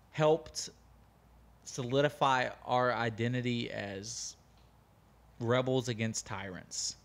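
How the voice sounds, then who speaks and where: Blunt, profane American man. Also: medium pitch. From United States. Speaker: podcast co-host. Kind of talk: casual chat.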